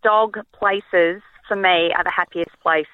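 A woman's voice: on the low side, steady tone, measured pace, no room sound, phone-quality sound. A woman, calling into a radio show and chatting enthusiastically. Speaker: caller. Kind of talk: casual chat.

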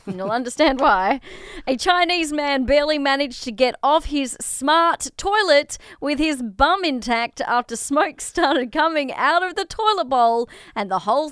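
A woman's voice: sits high, fairly bright tone, no room sound, studio quality. A woman co-hosting a radio show, chatty and giggly as she runs through a trending news item. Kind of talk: casual chat.

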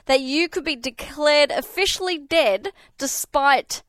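A woman's voice: high-pitched, measured pace, fairly bright tone, no room sound. A woman co-hosting a radio show, chatty and curious, laughing easily as she presents quirky news. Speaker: radio co-host. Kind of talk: casual chat.

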